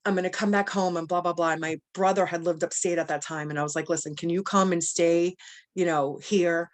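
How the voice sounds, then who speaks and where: A young adult woman telling her own story in a lively, rambling way, full of fillers, often acting out what people said. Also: lowish voice, fairly quick. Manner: animated, many fillers, quotes people in dialogue. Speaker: cancer survivor guest. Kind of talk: personal storytelling.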